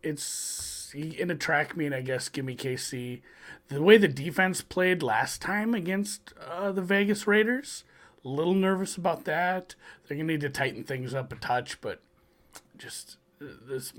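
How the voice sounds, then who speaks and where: A man's voice: a little high, a little slow, fairly bright tone. A man giving blunt, offhand takes on a football point spread in a casual betting chat. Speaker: sports betting analyst.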